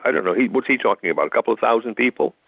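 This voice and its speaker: A man's voice: medium pitch, expressive, very fast, vocal fry, breathy edge, no room sound. A man from the United States, a constitutional attorney, explaining law in an interview in a methodical, lecturing way with frequent restarts. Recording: tinny phone line.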